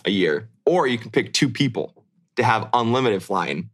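A man's voice: fairly low pitch, animated, normal speed. A man in his thirties, a podcast co-host and airline pilot, talking in a laid-back, rambling way and laughing often. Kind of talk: casual chat.

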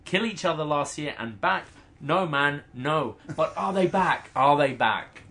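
A man co-hosting a podcast in casual chat, tossing in quick jokes. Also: fairly high pitch, expressive, pushed and bright. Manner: quick joking interjections. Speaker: podcast co-host.

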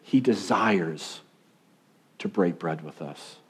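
A young adult man preaching a sermon as pastor, animated and swinging between loud emphasis and hushed asides. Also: deep voice, slow.

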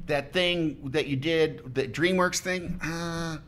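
A man's voice: a little high, slow pace, a bit bright. A man on a podcast as a guest, chatting casually and telling a rambling anecdote, often breaking off mid-sentence and acting out what people said. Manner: rambling, self-interrupting storyteller who acts out quotes.

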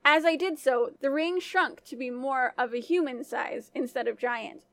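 A woman storyteller giving scripted first-person narration of a folk tale in an even, clear manner. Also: high-pitched, normal speed, no echo.

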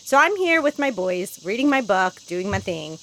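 A woman's voice: medium pitch, very animated, moderate pace, a bit bright, a little hiss or hum, poor audio. A woman, a teacher and interview guest, telling a personal story casually and acting out the dialogue.

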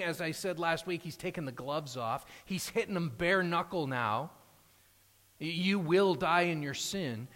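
Brief: male pastor, earnest sermon delivery, a bit high-pitched, reverberant sanctuary. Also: a bit bright. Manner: earnest preaching, rising emphasis, frequent restarts. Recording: long hall reverb.

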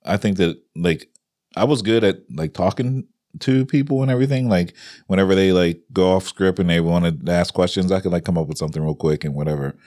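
Deep-voiced man telling stories, dry close sound. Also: fairly quick, warm tone, no room sound. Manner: laughs often, swears freely, acts out quotes. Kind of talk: casual chat, storytelling.

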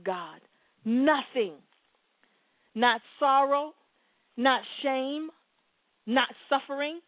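A woman preaching a sermon and praying aloud, swinging between soft pleading and loud exclamations. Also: high voice, no echo. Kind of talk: sermon and prayer. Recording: dry, phone-like sound.

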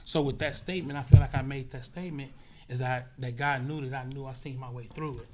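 A man's voice: mid-range voice, fairly even intonation, quick pace, mellow, slight background noise. A man from Los Angeles, a guest in a casual interview, telling his story vividly and profanely and acting it out with sound effects.

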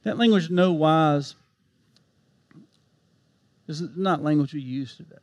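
Man, pastor, sermon, high voice, hushed then emphatic. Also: slow. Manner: impassioned preaching that swings from hushed to emphatic.

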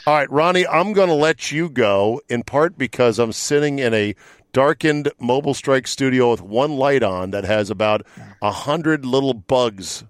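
A man's voice: mid-range voice, normal speed, no room sound. A man hosting a casual sports podcast, joking and swearing freely, recording from inside a van. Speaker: podcast host. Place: in a van at night.

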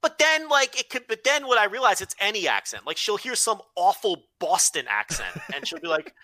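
A man's voice: high-pitched, big pitch swings, fairly quick, hardly any pauses, pushed and bright, no echo. A man co-hosting a podcast in loose, profane, joking chat. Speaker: podcast co-host. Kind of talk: casual chat.

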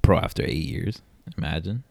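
A man's voice: low voice, normal speed, creaky, darkish tone. A man in his twenties chatting casually as a podcast co-host, rambling and slangy, saying bro a lot. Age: 20s. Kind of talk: casual chat.

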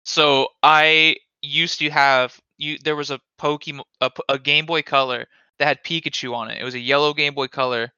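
A young man co-hosting a casual podcast, telling crude, excitable stories and laughing often. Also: fairly high pitch, normal speed, hardly any pauses, clean tone, no echo, muffled recording. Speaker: podcast co-host. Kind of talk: casual chat.

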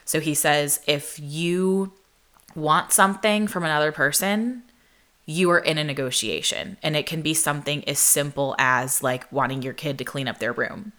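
A woman's voice: deep voice, moderate pace. A young adult woman host telling a personal story in a casual, chatty way, heavy on "like" and acted-out quotes. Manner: chatty, animated, lots of "like", acts out quoted voices. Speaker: podcast host.

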